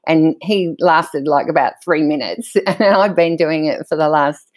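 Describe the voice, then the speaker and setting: A middle-aged woman, a guest telling stories from her own life in a candid, animated way and laughing often as she talks. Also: low voice, unhurried, dry recording. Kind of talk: candid conversational storytelling.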